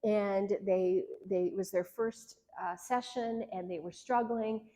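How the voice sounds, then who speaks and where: A woman's voice: mid-range voice, steady tone, a little slow, warm tone. A woman, a marriage therapist, teaching a workshop in an earnest, conversational way, acting out the lines she quotes. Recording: long hall reverb.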